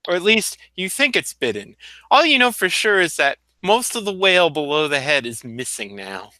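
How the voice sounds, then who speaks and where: A man's voice: high-pitched, very animated, normal speed, bright, forceful tone, no echo, low-quality recording. A man narrating as game master, explaining at length with loose fillers and restarts.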